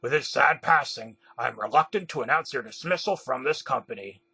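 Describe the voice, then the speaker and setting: A man's voice: medium pitch, animated, brisk, vocal fry, bright, forceful tone, husky, no echo, full character voice. Man playing a blustering TV boss. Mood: stern. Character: blustering male TV executive boss.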